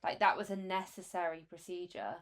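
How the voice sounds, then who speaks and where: A woman's voice: fairly low pitch, steady tone, a little fast. A woman hosting a podcast interview, asking probing, sympathetic questions. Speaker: podcast host.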